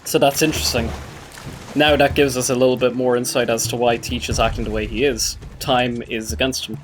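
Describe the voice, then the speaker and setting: A man's voice: medium pitch, flat delivery, fairly quick, a little hiss or hum. Enthusiastic male reaction host. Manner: enthusiastic, laughs often. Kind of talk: casual chat reacting to a show.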